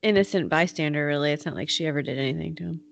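A woman co-hosting a podcast, reacting and chiming in with quick comments in a casual chat. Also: low voice, creaky. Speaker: podcast co-host.

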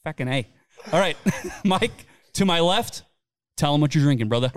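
A man's voice: a little high, expressive, moderate pace, no room sound. A man hosting a podcast, joking around and swearing in casual chat, recorded at a brewery taproom. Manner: joking, swears freely, playful. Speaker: podcast host.

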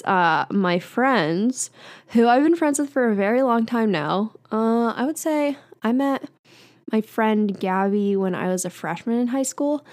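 In this casual solo podcast, a woman in her twenties talks in a chatty, open way, dropping fillers and little laughs. She has a mid-range voice, and there's no room sound at all.

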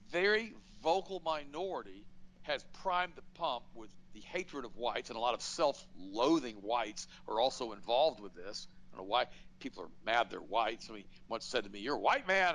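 Middle-aged male talk host, blunt and animated, mid-pitched voice. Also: low-quality recording. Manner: emphatic, animated, blunt storytelling with acted-out quotes. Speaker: radio show host. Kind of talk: political commentary, conversational monologue.

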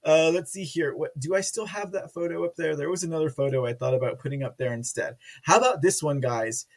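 A man's voice: a little high, brisk, gravelly. A man from Texas hosting a livestream, chatting casually with viewers and reading their comments, giggly and rambling. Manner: giggly, rambling, self-mocking. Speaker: livestream host reading chat.

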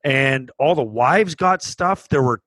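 A man's voice: mid-range voice, lively intonation, slow, a bit bright, no echo, low-quality recording. A man, a former hockey player, chatting casually, leaning on fillers and prompting stories from his guest. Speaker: podcast host, former pro hockey player. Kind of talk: casual chat.

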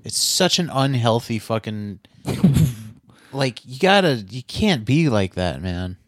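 Lively ranting man on a podcast. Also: mid-range voice, slow, dry recording, studio quality. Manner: animated, profane ranting and opinionated advice. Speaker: podcast co-host. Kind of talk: casual podcast chat.

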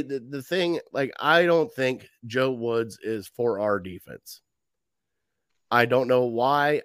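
A man's voice: mid-range voice, fairly bright tone, no echo, studio quality. A man co-hosting a casual sports talk show, ranting heatedly. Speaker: podcast co-host.

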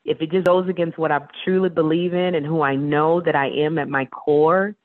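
A woman talk show host, a guest in a casual radio interview, telling stories in a playful, animated way. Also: low-pitched, a little fast. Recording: tinny phone line.

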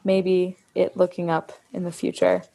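A woman's voice: on the low side, level tone, unhurried, vocal fry, dark tone. A woman co-hosting a music podcast in casual chat, effusive and laughing often, with some swearing. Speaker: podcast co-host.

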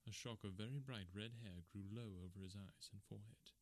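A man's voice: fairly low pitch, fairly quick, dry recording. Male narrator with a dry, close sound. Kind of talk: audiobook narration.

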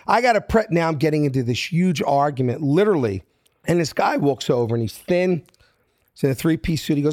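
A man's voice: a little high, expressive, a little fast, darkish tone, dry recording, clean studio sound. A middle-aged man from South Philadelphia with a Philly accent, telling a story and acting out each person in it in street-smart talk. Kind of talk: animated storytelling.

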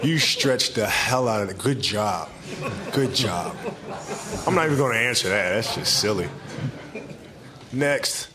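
A man's voice: mid-range voice, animated, moderate pace, over loud music. A man answering at a press conference, amused and dismissive.

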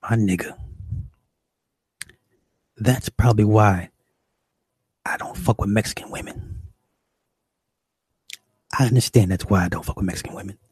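A man's voice: fairly low pitch, measured pace, long pauses, darkish tone, breathy edge, dry recording. A young man doing stand-up, telling a crude story in a profane, exasperated, rambling way. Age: young adult. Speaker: stand-up comedian.

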